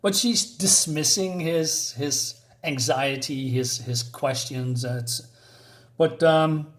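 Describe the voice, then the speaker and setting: Brief: male comic reviewer, casual and rambling, voice a little high. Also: slow pace. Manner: chatty, many fillers and asides.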